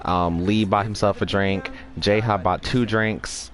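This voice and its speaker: A man's voice: on the low side, steady tone, slow, soft background music. A man casually recapping a story, rambling with restarts and acting out the characters' lines.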